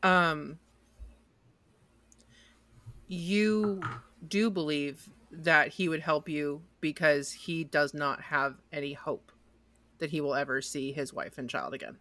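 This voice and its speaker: A game master narrating a tabletop role-playing game in an unhurried, hesitant way. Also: mid-range voice, sharp tone.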